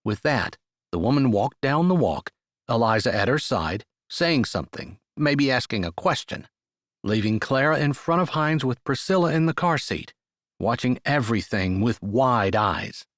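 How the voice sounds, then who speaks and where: A man narrating a romance audiobook in a steady, measured storytelling voice. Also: mid-range voice, dry recording, studio quality. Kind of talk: scripted narration.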